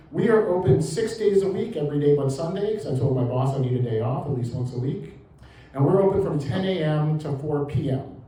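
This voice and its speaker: A man's voice: on the high side, mellow. A man who directs a museum, giving a public history lecture in a chatty, joking way and talking with the audience. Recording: roomy hall with faint ambience.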